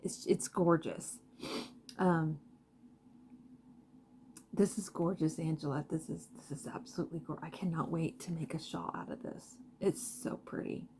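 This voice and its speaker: A woman's voice: deep voice, fairly even intonation, normal speed, long pauses, darkish tone, a little hiss or hum. Gushing woman unboxing yarn at home. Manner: gushing, chatty, talks to viewers. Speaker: crochet vlogger. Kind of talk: casual unboxing chat. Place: home craft room.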